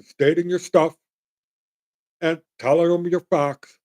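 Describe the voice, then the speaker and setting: A middle-aged Canadian man hosts his own show, offering opinionated solo commentary. His voice sits on the high side with a dark tone, and he rambles bluntly and folksily while addressing viewers directly.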